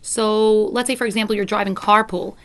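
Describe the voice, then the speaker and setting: Woman, middle-aged parenting coach, earnest and steady, mid-pitched voice. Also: a little fast. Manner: earnest, acts out teacher voices in quotes. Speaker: parenting educator. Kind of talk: talk to parents.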